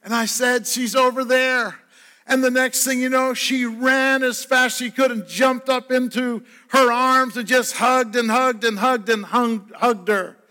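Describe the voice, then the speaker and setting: A man's voice: very high voice, steady tone, unhurried, sharp tone. An older man, a pastor, preaching a sermon in a conversational, earnest storytelling way. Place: church sanctuary. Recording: church hall with long reverb.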